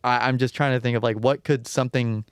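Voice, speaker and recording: Smooth-voiced young man, hesitant co-host. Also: mid-range voice, fairly even intonation, fast, dry recording, clean studio sound. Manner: hesitant, restarts and searches for words. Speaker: podcast co-host. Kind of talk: casual chat.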